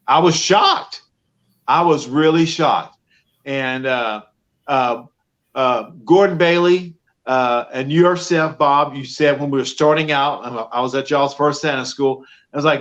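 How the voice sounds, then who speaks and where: A man's voice: on the high side, muffled recording. A man, a professional Santa Claus as guest, chatting casually and acting out the voices in his own stories. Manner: animated storyteller, acts out both sides of phone calls. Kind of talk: casual interview chat.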